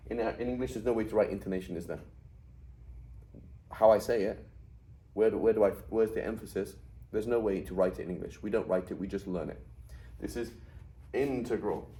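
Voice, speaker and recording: A man's voice: fairly low pitch, mellow, rough recording. A man teaching a class in a conversational lecture style, often putting questions to his students. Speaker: Arabic teacher.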